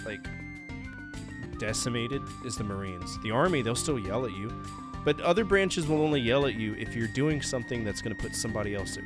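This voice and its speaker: A man giving casual, profane commentary while playing a game, chatty with laughing asides. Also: on the low side. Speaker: gaming video host.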